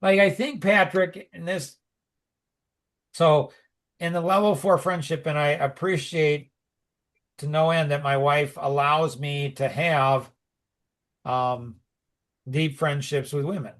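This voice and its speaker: A middle-aged man with a slightly high voice, chatting loosely on a podcast. He rambles, circles back on himself and fills his talk with "like" and "you know," breaking into lively asides. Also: slow, pauses often. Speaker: podcast co-host. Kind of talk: casual conversational podcast talk.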